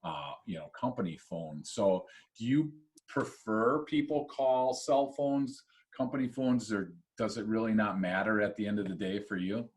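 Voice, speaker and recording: A man's voice: on the low side, moderate pace, darkish tone. A man hosting a podcast, reflecting casually and asking his guest questions. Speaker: podcast host.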